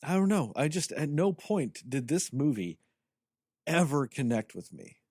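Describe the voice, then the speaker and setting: Unhurried and slightly high, with a breathy edge, a man co-hosting a podcast rants sarcastically about a film, swearing throughout this animated, casual movie chat. The sound is dry and clean, studio grade.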